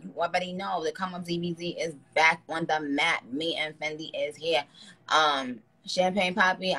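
Woman, live-stream host, gravelly voice, blunt and profane teasing, phone mic. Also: low-pitched, sharp tone. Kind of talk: casual live-stream chat.

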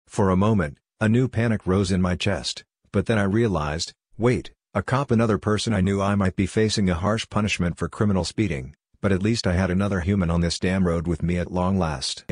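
A man narrating a scripted horror story in a measured, subdued way. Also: low voice, a little mellow, dry recording, clean studio sound.

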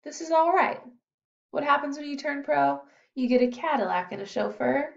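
A woman's voice: sits high, moderate pace, vocal fry, echoey room, muffled recording, voice pushed up. A woman voicing an eager teenage boxer boy.

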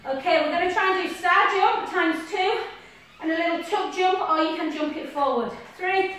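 A woman's voice: very high voice, normal speed, a bit bright. A woman leading a workout class, upbeat, counting out reps and whooping. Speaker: fitness instructor. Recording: echoey distant room with noise.

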